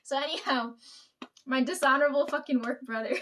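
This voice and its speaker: A woman's voice: sits high, fairly quick, fairly bright tone, a little hiss or hum. A woman in her twenties telling a rambling casual story, swearing freely, laughing mid-sentence and asking "right?" all the time. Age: 20s. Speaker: vlogger.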